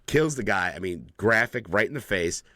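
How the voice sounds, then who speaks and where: A man's voice: on the low side, normal speed, no room sound. A man co-hosting a podcast, casually and profanely recapping a horror movie and acting out the characters' lines. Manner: profane, animated movie recapping with acted-out quotes. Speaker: podcast co-host. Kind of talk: casual chat.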